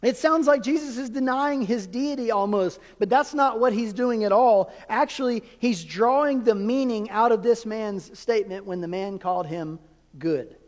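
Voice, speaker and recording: A man preaching a sermon as a pastor, emphatic, with rhetorical questions and dramatic pauses. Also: sits high. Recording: long hall reverb.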